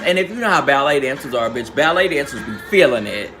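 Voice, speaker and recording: A man's voice: high voice, moderate pace, hardly any pauses, music in the background. A man recapping a reality show in a sassy, slangy, theatrical storytelling manner. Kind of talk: casual recap commentary.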